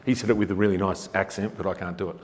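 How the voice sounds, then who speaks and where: An Australian man with a lowish voice gives a casual but emphatic public talk, throwing rhetorical questions at the crowd. His voice carries a long echo from a large hall. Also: steady tone, very fast. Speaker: energy efficiency presenter. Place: forum venue hall. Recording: reverberant hall.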